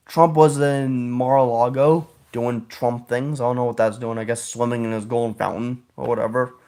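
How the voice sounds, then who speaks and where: A male podcast host delivers a loose, opinionated monologue at a mid-range pitch. He rambles from point to point, often restarting sentences and correcting himself as he goes. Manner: opinionated, politically outspoken.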